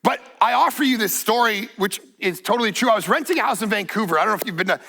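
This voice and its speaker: A pastor preaching from the stage, his voice pitched high and bright with a gravelly edge. He tells a story conversationally and leans into emphatic moments. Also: fast talker. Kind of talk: sermon storytelling. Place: church stage.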